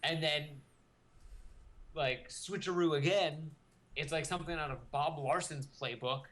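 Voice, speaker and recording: A man's voice: a little high, measured pace, fairly bright tone. A man co-hosting a podcast, recounting things loosely with many fillers like "like" and "you know". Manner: loose, filler-heavy, lots of "like". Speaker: podcast co-host. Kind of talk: casual chat.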